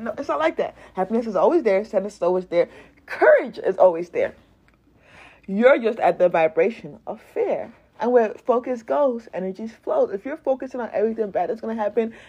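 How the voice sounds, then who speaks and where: A woman's voice: medium pitch, darkish tone, dull audio. A woman hosting a casual spiritual podcast, talking animatedly, laughing and swearing as she acts out quoted voices. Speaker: podcast host.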